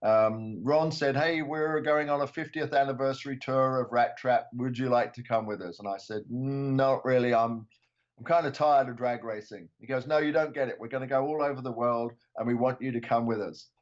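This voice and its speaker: Older man from England as podcast guest, easygoing, hesitant, mid-pitched, slightly dull audio. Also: moderate pace. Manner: relaxed, hesitant with many ums. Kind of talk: casual chat.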